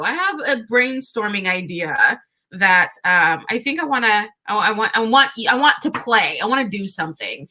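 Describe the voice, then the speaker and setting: A woman's voice: mid-range voice, very animated, moderate pace, sharp tone. A woman hosting a live tarot reading stream, chatting casually and upbeat, greeting viewers by name and often restarting her phrases.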